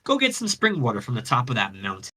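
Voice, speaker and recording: A man voicing a spiteful, jealous goddess, with shrill outrage and sassy modern slang. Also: wildly swooping pitch, fast, pushed and bright, full character voice. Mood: angry.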